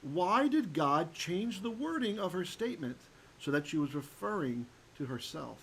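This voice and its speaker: A man teaching a Torah lesson as a rabbi, animated and often checking in with his listeners, sometimes chanting verses. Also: fairly high pitch, normal speed, breathy edge, rough recording.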